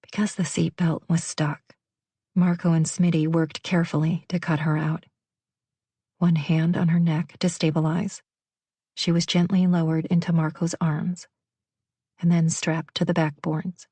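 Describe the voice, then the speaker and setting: This is a female audiobook narrator reading a romance novel. Her voice is low and mellow, and her delivery is steady and measured. The sound is close and dry, like a studio booth. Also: breathy edge, no room sound.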